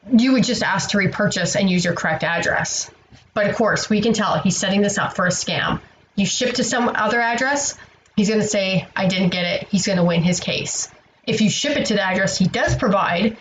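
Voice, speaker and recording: A tired woman vlogger tells her story in a rambling, exasperated way and swears freely. Her pitch is mid-range for a woman. A faint hiss of background noise runs under the recording. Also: fairly bright tone, low-quality recording. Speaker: online seller vlogger. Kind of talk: casual storytelling to camera.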